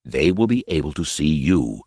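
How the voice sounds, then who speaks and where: A stoic warrior monk, voiced by a man, keeps every word quiet and measured. The voice sits very deep and comes across dry and close. It is a calm, commanding audiobook portrayal. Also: husky, dry recording, exaggerated voice. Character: grim stoic male warrior monk, adult.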